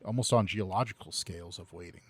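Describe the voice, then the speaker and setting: Low voiced guy on a podcast, lots of "you know"s, kinda halting. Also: a bit bright, husky. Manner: halting, filler-heavy. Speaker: podcast co-host. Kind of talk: casual chat.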